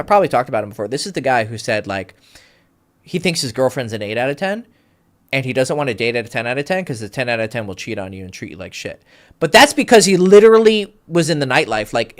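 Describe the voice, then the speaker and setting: A man talking as a dating coach in a casual livestream Q&A, rambling with lots of fillers and swearing freely. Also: medium pitch. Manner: rambling, filler-heavy, profane.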